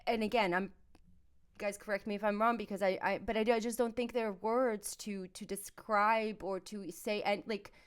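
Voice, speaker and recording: A woman hosting a podcast conversation, searching for words in a halting, empathetic way. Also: medium pitch, steady tone, smooth. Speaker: podcast host. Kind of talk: conversational interview.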